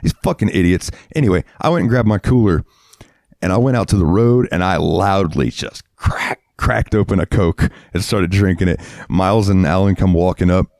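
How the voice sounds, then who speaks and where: A man's voice: deep voice, normal speed, a little mellow, no echo, clean studio sound. A man co-hosting a podcast, telling a heated, profane story in casual chat and acting out what people said. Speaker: podcast co-host.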